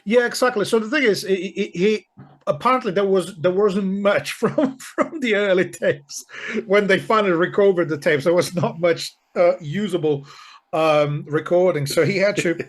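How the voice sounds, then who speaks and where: Higher-voiced man hedging on a podcast. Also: moderate pace. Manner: hesitant, hedging with "I think", many fillers. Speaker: podcast co-host. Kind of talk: casual chat.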